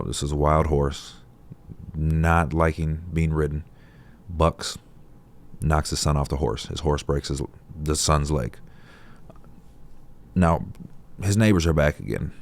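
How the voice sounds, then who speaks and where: A man's voice: rumbling low, steady tone, a little slow, pauses often. A man talking casually and reflectively to camera in a laid-back, profane, conversational way. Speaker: vlogger.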